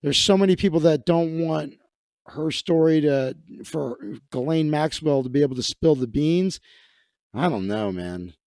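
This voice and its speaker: A man's voice: a little high, expressive, unhurried, a little mellow, no echo, clean studio sound. A man hosting a casual comedic livestream, riffing crudely and sarcastically on news clips. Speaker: livestream host.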